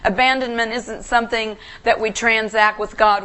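A woman guest preacher giving an emotional, earnest sermon in a church, halting and restarting as she speaks. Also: a little high, steady tone, bright, forceful tone.

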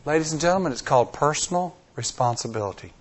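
A male pastor preaching a sermon in a folksy way, repeating lines for emphasis and swinging from hushed, slow passages to loud, high-pitched pleas. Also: lively intonation. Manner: dramatic swings from hushed to near-shouting.

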